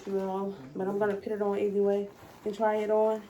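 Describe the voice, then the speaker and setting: A woman's voice: mid-range voice, completely flat delivery, fairly quick, dark tone. A young woman, talking straight to her viewers in a chatty, emotional home vlog. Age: young adult. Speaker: vlogger. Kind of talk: casual vlog unboxing.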